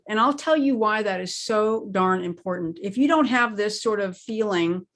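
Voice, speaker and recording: A woman's voice: medium pitch, a bit bright. Woman, interview guest, emphatic, conversational, leans on key words. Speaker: guest expert on crisis planning.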